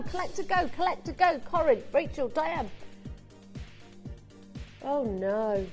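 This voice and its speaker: A woman presenting on a live TV shopping channel, excitable and gushing as she urges viewers to buy. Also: high voice, a little slow, long pauses, soft background music. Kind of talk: live TV shopping sales patter.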